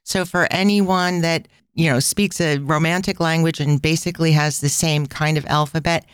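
A woman's voice: deep voice, fairly even intonation, moderate pace, clean tone, no echo. A woman hosting a casual travel podcast, telling stories in a chatty way with tangents and asides. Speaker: podcast host.

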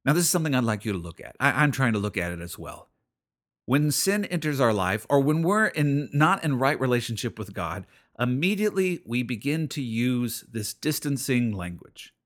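A man's voice: medium pitch, big pitch swings, moderate pace. Earnest man preaching on radio. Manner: earnest, conversational preaching with repeated phrases. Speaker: radio preacher and show host. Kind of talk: radio sermon.

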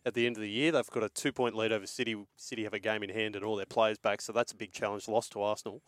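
A man giving measured, confident football analysis on a radio show. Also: fairly low pitch, fairly even intonation, dry recording. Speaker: football pundit. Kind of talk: sports analysis.

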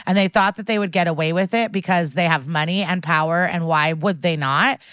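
A woman's voice: fairly low pitch, a little fast, a bit bright, no room sound. A woman co-hosting a podcast, recapping a TV episode in casual chat with blunt, profane outrage. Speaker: podcast co-host.

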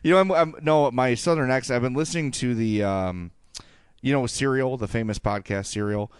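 Smooth-voiced man ranting on a podcast. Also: medium pitch, a little fast, dry recording. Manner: animated, ranting, jokey asides. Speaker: podcast co-host. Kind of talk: casual sports podcast chat.

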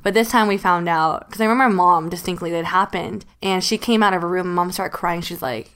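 A woman's voice: on the low side, fast, fairly bright tone, smooth. A woman in her late twenties, a podcast host, telling a painful family memory in casual chat, close to tears and full of "like" fillers. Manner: emotional, tearful storytelling with many "like" fillers.

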